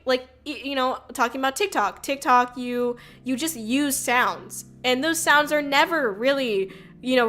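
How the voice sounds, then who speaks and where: A woman's voice: fairly high pitch, fairly bright tone. A woman streamer talking in a casual, rambling way, full of fillers and restarts, with the odd swear word. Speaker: VTuber streamer. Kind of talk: casual chat.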